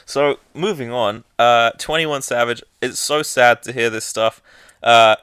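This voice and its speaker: A young man co-hosting a podcast in casual chat, rambling and halting, often laughing. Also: mid-range voice, fairly bright tone, smooth, no echo. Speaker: podcast co-host.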